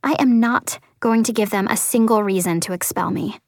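A woman's voice: medium pitch, normal speed, no echo, clean studio sound. A woman reading a first-person story as an audiobook narrator, earnest and lightly voicing the dialogue.

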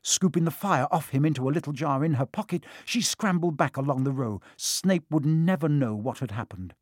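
A man narrating a children's storybook in a steady, expressive reading. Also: a little high, normal speed, dry recording, studio quality. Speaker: audiobook reader.

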